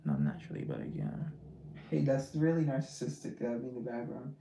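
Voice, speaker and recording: A man hosting a casual show, reacting quickly and chattily to viewer comments. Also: mid-range voice, wildly swooping pitch, creaky, mellow. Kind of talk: casual live chat.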